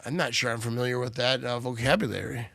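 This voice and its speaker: A man's voice: mid-range voice, fairly even intonation, fast talker, vocal fry, no echo. A man hosting a live watch party, joking and calling plays, a bit tipsy. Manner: loud, joking play-by-play banter. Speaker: livestream host.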